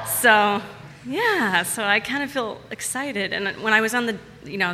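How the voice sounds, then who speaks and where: A woman's voice: mid-range voice, sharp tone, big-room sound, a little hiss or hum. A woman telling a personal story to a live audience in a casual, chatty way, repeating words for emphasis.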